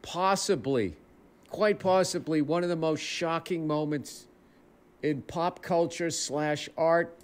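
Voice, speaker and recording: A man's voice: a little high, slow. A man delivering dramatic, emphatic video commentary as a podcaster.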